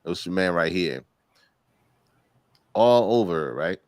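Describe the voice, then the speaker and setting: A man co-hosting a podcast, chatting casually in a slangy, animated way and laughing often. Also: deep voice, moderate pace, pauses often, dry recording. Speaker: podcast co-host. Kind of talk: casual chat.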